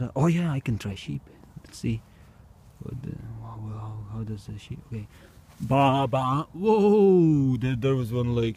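A man's voice: lowish voice, mellow, a little hiss or hum. A man talking casually outdoors at night as he runs a small experiment, hesitant and wondering, with bursts of animal imitations. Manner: hesitant, wondering, with bursts of mooing, barking and meowing. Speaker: vlogger.

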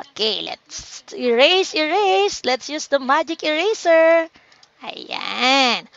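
A woman with a Filipino accent teaching a children's phonics lesson online in a slow, coaxing teacher voice. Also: sits high, animated, a bit bright, dry recording, highs cut off. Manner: slow, coaxing teacher talk, reading out learners' names. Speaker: online tutor.

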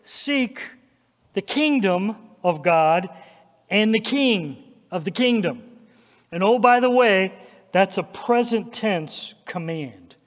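A man's voice: high-pitched, lively intonation, slow pace, big-room sound. A man preaching a sermon as pastor, emphatic and checking in with his listeners with a repeated "okay?". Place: church sanctuary.

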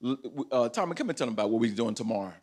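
A man's voice: mid-range voice, animated, rapid-fire, darkish tone, slight background noise. Man, mid-range voice, spoken-word performer, fervent and rhythmic, repeating lines for effect; auditorium stage. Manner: passionate, rhythmic, repeating declarations. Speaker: guest speaker at a community event. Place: large performing arts center auditorium.

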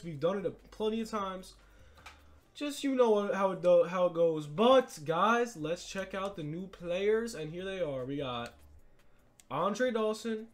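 Excitable young gamer. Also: male voice, sits high. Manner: excitable, frustrated outbursts. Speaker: gaming YouTuber. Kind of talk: casual gaming commentary. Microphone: desk mic with face cam.

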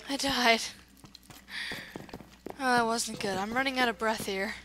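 Slow-talking woman gaming with noise behind. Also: a little high. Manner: chatty, reacts aloud to the game. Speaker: gamer. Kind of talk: let's play commentary.

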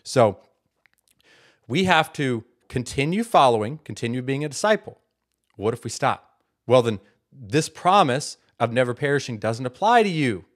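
A man's voice: mid-range voice, sing-song, moderate pace. Emphatic argumentative male Bible teacher. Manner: argumentative, emphatic, repeats words for stress. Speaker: Bible teaching video host. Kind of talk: casual apologetics monologue.

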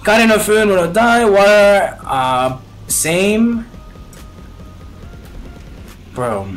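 A young man streaming a video game live, chatting excitably to viewers in slang and calling everyone bro. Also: high-pitched, drawn-out words, soft background music. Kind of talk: live gameplay commentary.

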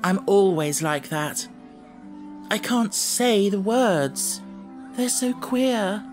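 A man reading an audiobook, voicing a timid, slow, awestruck chubby little girl who speaks hesitantly and with wonder. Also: high-pitched, expressive, soft background music, pitched above the performer's own voice, full character voice. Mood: awed.

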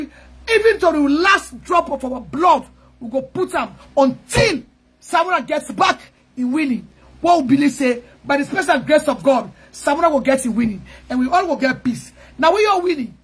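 High-voiced fiery Sierra Leonean woman. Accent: Sierra Leonean Krio. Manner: fiery, chanting slogans, often shouting. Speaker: political activist addressing supporters. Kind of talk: rousing political speech.

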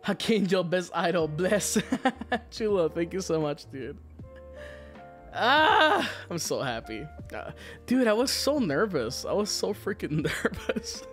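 Excited streamer guy, laughs a lot, swears casually, super animated pitch, soft music in the back. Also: unhurried. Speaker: virtual idol streamer. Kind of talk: casual livestream chat.

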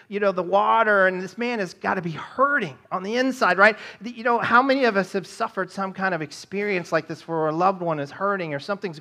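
A man's voice: high voice, a bit bright. A man, a pastor, preaching a conversational sermon, often checking in with the congregation and asking rhetorical questions. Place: church.

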